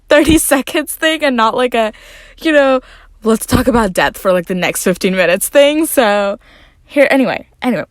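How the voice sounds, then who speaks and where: A woman's voice: on the high side, no echo, studio quality. A woman hosting her podcast alone, talking in a chatty, rambling way with lots of fillers, recorded in her closet at home. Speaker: podcast host. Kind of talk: casual solo podcast talk.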